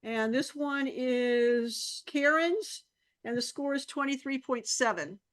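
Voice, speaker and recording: A chatty woman with a somewhat high voice announces photo entries and their scores. She drifts into casual remarks about the pictures and laughs easily. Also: takes it slowly. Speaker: meeting presenter.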